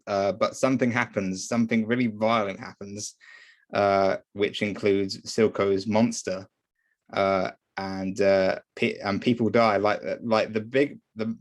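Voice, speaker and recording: Guy doing a loose episode recap, kinda low voice, stumbles and says like a lot. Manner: hesitant, many fillers and restarts. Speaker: show reviewer.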